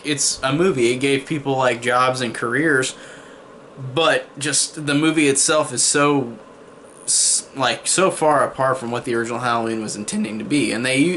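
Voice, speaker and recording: Young man, casual movie review, rambling, filler-heavy, mid pitch, faint background noise. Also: fairly bright tone. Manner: rambling, frequent fillers and restarts; mocking character voices when quoting.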